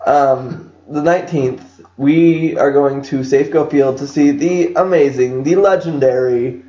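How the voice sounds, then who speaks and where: A young man hosts a loose, rambling podcast among friends, cracking jokes and laughing at his own lines. His voice sits a touch high for a man. The sound is echoey and dull, like a cheap mic in a bare room. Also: unhurried, warm tone. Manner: jokey, rambling, laughs often. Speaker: podcast host. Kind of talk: casual chat.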